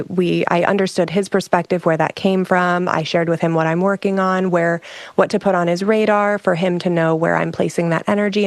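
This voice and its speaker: On a conversation show, a female guest who works in emotional regulation tells a personal story, reflective and frank, with many restarts. Her voice sits on the low side with vocal fry, captured in a dry recording.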